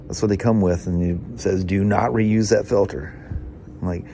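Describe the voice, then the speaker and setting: A deep, mellow voice with fairly even intonation belongs to a motorcycle mechanic chatting casually in a workshop vlog at normal speed. He sounds nasal, as if he has hay fever, and rambles with restarts and small chuckles. There is slight background noise.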